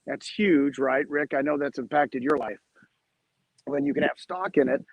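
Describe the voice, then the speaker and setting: A man's voice: medium pitch, normal speed, creaky, dry recording, rough recording. A man who is a guest on an interview show, telling stories with enthusiasm and acting out the dialogue he quotes, heard over a video call. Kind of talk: animated storytelling in a podcast interview.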